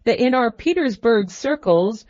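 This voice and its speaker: A woman's voice: on the high side, lively intonation, a little slow, darkish tone, no room sound, dull audio. A woman voicing a crafty, fussy middle-aged male magistrate who talks in a cackling, ingratiating way. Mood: confiding.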